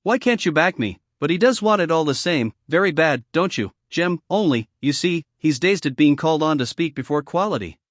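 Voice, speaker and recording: A man voicing a bold, eager young female servant who rushes her pleas breathlessly, in a storybook reading. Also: a little high, expressive, dry recording, studio quality, lightly acted. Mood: exasperated. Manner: breathless, pleading rush.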